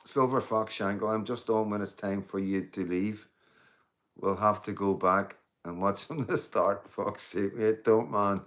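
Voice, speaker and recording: A man's voice: fairly low pitch, fairly even intonation, measured pace, fairly bright tone. A middle-aged man, rambling and swearing through a casual livestream chat with viewers. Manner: rambling, swears freely, addresses viewers as mate and guys. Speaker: livestream host.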